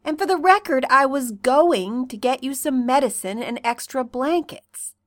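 A woman voicing a cheerful, easygoing young man who talks brightly and casually, in a fan fiction reading. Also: high voice, expressive, a little slow, no echo, studio quality, voice pushed up. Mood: earnest.

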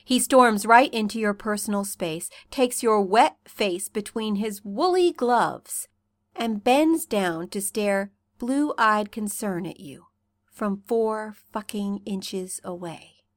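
A woman reading a second-person fan fiction story in an intimate, unhurried way. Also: medium pitch, dry recording. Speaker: reader.

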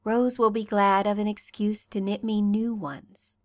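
Brief: woman reading as a tender young man, soothing and hushed, unhurried, dry close sound. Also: medium pitch, flat delivery, no room sound, close to an everyday voice. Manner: soft, soothing. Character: gentle, caring young man, soft-spoken.

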